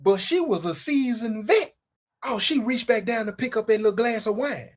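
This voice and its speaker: Casting note: woman, higher voice, husky, animated comic storyteller who acts out sound effects. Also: moderate pace. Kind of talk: comedic storytelling.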